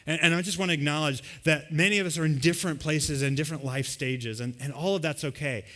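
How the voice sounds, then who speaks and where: A man's voice: on the high side, fairly even intonation, quick pace, pushed and bright. A man preaching a sermon as pastor to a live congregation, talking in a loose conversational way and acting out everyday scenes. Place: church service with a live congregation.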